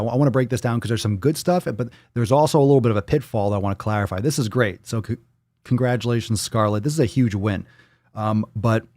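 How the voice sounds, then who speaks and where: A man hosting a fitness livestream. He talks casually, reacting to viewer posts with loud jokes, swearing and pep-talk coaching. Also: fairly low pitch, dry recording, clean studio sound. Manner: loud, profane, joking, coaching.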